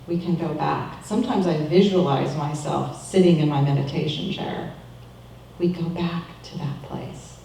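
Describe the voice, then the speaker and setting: A middle-aged woman giving a calm, measured, reflective sermon as a minister. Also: fairly low pitch, distant mic, a little hiss or hum. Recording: echoey room, voice from off-mic.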